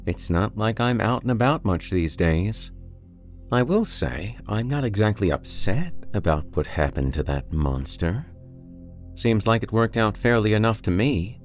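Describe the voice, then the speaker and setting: Cool defiant woman voiced by a man, dry pointed delivery, lifted gravelly voice. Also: on the low side, lively intonation, a little slow, faint music behind, voice pushed up. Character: adult woman in a wheelchair, guarded and defiant.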